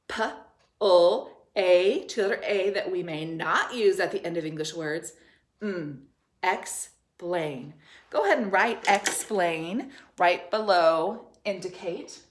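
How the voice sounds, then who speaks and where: A woman teacher leading a third grade spelling dictation, speaking slowly and sounding out each syllable and letter with care. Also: medium pitch. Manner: slow, clearly enunciated, sounding out letters and syllables. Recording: roomy echo.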